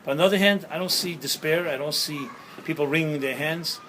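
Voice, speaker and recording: A man's voice: on the high side, fairly quick, a bit bright, a little hiss or hum, poor audio. A man speaking as a rabbi, delivering a sermon-style talk outdoors, telling stories and jokes and asking the listeners questions. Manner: storytelling with jokes and rhetorical questions. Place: outdoors at sunset.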